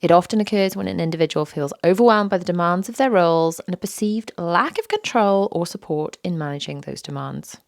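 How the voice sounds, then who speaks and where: A British woman talks through her own podcast while nursing a sore throat, her low voice hoarse and scratchy with plenty of gravel. She chats casually and slips into a whisper when her voice gives out. The sound is close and dry. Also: fairly quick, few pauses, dry recording. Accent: British English. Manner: chatty, breaks into whispers on a failing voice. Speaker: podcast host; mother. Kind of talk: casual solo podcast talk.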